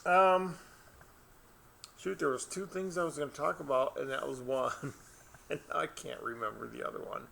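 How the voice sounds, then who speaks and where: A man's voice: mid-range voice, a little fast, vocal fry, fairly bright tone, a little hiss or hum. A middle-aged man, an author, chatting casually to camera and telling a rambling story with frequent laughs. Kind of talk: casual vlog chat.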